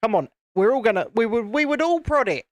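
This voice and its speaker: A man's voice: very high voice, animated, fairly quick, no echo, studio quality. A man from the United Kingdom hosting a casual live stream, joking and reading out viewer comments while building. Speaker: YouTube channel host.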